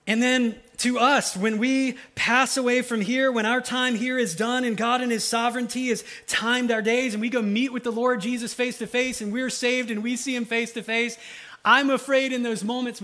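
A young adult man, preaching a sermon in a conversational way and dropping to a quiet intensity when he quotes Jesus. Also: high voice. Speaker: pastor.

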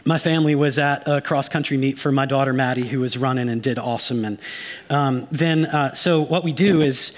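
A man preaching a sermon as pastor, emphatic and animated, mixing casual slang asides into the teaching and dropping to a hushed, grave tone for dark passages. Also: medium pitch, a little fast.

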